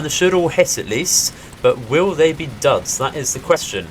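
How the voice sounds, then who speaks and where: A man's voice: medium pitch, animated, normal speed, slight background noise. Upbeat man commentating gameplay. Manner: polite, upbeat narration of each move, laughing off setbacks. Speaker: let's play host.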